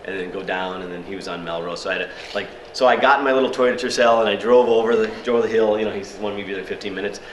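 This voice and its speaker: A man telling lively anecdotes to a workshop audience, chuckling and using many fillers. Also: on the low side, racing, hardly any pauses, slight background noise. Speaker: speaker at a screenwriting workshop. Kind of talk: storytelling talk to an audience. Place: workshop room at a film festival. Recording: echoey room with faint ambience.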